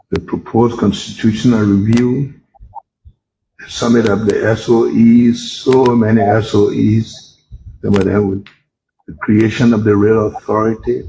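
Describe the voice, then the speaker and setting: Older statesman, low mellow voice. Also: gravelly, slight background noise, low-quality recording. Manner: measured, lists plans and resolutions. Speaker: head of state. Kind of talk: formal address to a cabinet.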